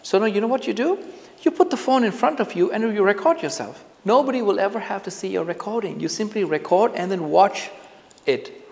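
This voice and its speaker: A man speaking straight to the camera as he teaches, relaxed and chatty, often going back over his phrases. His voice sits a bit high and has a gravelly edge. The room gives it a long, trailing reverb. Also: fairly quick. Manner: relaxed, conversational, repeats phrases for emphasis. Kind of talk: casual on-camera lesson. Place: indoors, filming himself on camera. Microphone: camera mic, speaking to camera.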